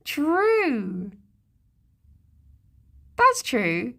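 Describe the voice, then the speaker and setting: A woman's voice: high-pitched, huge pitch swings, very slow, vocal fry, sharp tone. A woman streamer in casual live-stream chat, musing aloud and talking to her viewers and pets. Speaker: livestreamer.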